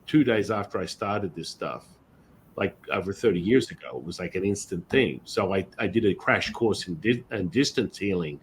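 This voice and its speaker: A man's voice: low-pitched, lively intonation, normal speed, a little hiss or hum. A middle-aged man hosting a spiritual podcast, telling stories in a rambling, casual way with many restarts. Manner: rambling storyteller, frequent restarts and "you know". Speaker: podcast host.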